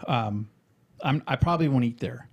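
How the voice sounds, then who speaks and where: A man's voice: medium pitch, normal speed, breathy edge. A man co-hosting a podcast in casual banter, rambling and stammering through restarts, swearing freely. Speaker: podcast co-host and author. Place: podcast studio.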